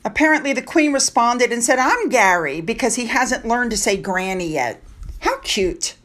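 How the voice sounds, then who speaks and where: Woman, high-pitched, casual vlog chat, gossipy, talks to viewers. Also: lively intonation, moderate pace, fairly bright tone. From United States. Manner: chatty and gossipy, with asides to viewers. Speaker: royal news vlogger.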